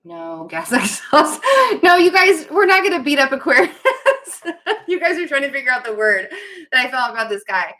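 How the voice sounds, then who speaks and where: Woman tarot reader, casual chatty delivery, bright tone, giggly and apologetic, wanders off track. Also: high-pitched, big pitch swings, moderate pace. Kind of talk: casual live tarot reading.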